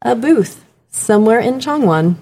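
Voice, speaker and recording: A woman's voice: a little high, animated, mellow, breathy edge. A woman reading a scripted podcast introduction in a playful announcer manner. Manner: slow, drawn-out announcing.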